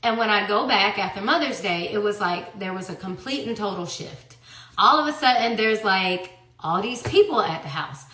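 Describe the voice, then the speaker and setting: Emphatic bright-voiced woman telling a story. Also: medium pitch, animated, moderate pace, echoey room. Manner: emphatic, profane, swings between hushed and loud. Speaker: storyteller recounting personal events. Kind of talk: casual tell-all monologue.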